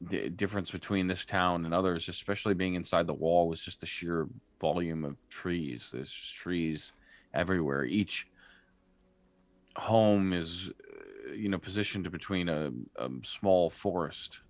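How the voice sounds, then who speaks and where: A man's voice: low voice, steady tone, unhurried, dry recording. A man narrating a tabletop game as game master, describing scenes with frequent fillers and restarts. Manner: descriptive, hesitant with many fillers.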